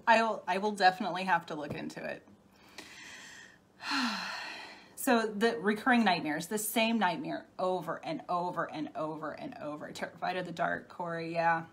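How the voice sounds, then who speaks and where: A woman's voice: lowish voice, moderate pace, creaky, breathy edge. A middle-aged woman talking casually on a live stream as a spiritual healer, chatty and laughing often as she answers viewer comments. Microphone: phone or webcam.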